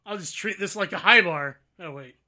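A man co-hosting a casual movie podcast, tossing out quick quips and laughing banter. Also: sits high, sharp tone. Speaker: podcast co-host.

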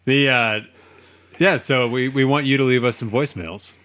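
A man's voice: mid-range voice, normal speed, fairly bright tone. A young man with a mid-range voice, joking around as a podcast co-host. He speaks playfully in casual chat and drops crude one-liners.

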